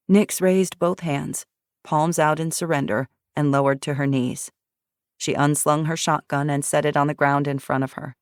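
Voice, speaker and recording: A woman reads an audiobook in a steady, measured way. Her voice sits low, and the close studio sound is dry. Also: no room sound. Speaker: audiobook narrator. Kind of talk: scripted narration.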